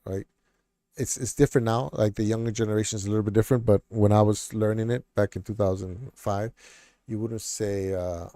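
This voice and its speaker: A middle-aged man on a casual stream, speaking in a somewhat low, warm, mellow tone. He rambles, circling back with fillers and restarts. The sound is close and dry, with no room around it. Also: fairly even intonation, fairly quick, no echo. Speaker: streamer host. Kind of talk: casual chat.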